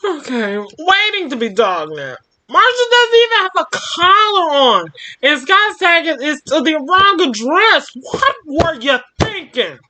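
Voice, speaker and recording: Animated high-voiced woman reading a story. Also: measured pace. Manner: expressive, laughs and breaks off to comment. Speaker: story time host. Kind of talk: reading a fan story aloud with commentary.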